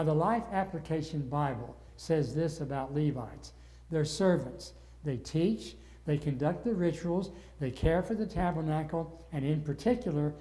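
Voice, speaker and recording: Older male Bible study teacher, mellow and slightly high voice, earnest, gets wound up. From northern United States.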